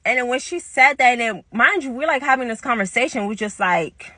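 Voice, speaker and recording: A young woman tells a story in a casual monologue. She talks in an animated way, acts out the quoted lines and swears now and then. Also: fairly high pitch, fairly quick, no echo. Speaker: vlogger telling a story.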